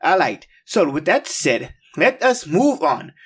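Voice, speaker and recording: Male kids' show host, high and animated, slow and emphatic, coaxing. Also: breathy edge. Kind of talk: upbeat kids' show hosting.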